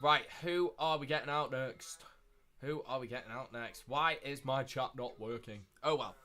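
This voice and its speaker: Bright-voiced young man streaming live. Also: mid-range voice, moderate pace. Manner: excitable, repeats phrases, shouts when thrilled. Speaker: streamer hosting a live watchalong. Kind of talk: casual live commentary.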